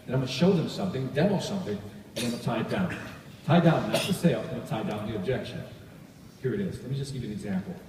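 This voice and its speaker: Energetic man teaching in an echoey hall. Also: medium pitch, rapid-fire, noisy background. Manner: energetic, asks audience questions. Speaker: sales trainer. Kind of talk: live seminar talk. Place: large hall. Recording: echoey hall recording from far off.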